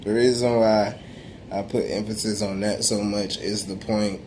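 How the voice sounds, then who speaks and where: A man's voice: lowish voice, flat delivery, unhurried, a little mellow, a little hiss or hum. A young man talking in casual slang, preaching in an emphatic way about faith and perseverance, with frequent restarts. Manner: emphatic, slangy street talk with repeated restarts; preachy, testifying tone. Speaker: vlogger. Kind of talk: motivational faith talk to camera.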